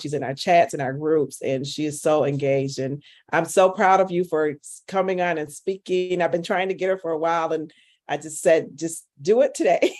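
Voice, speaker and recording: A woman's voice: deep voice, a little mellow, no room sound, clean studio sound. A woman giving an emotional, affectionate tribute on an online call. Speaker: panelist. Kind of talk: heartfelt tribute.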